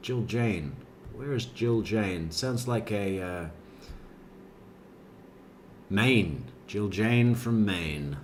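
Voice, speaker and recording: A man's voice: lowish voice, expressive, slow pace, long pauses, a little hiss or hum. A man co-hosting a true crime live stream, chatting casually, laughing often and stumbling over his words. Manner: laughing, joking, with stumbling restarts.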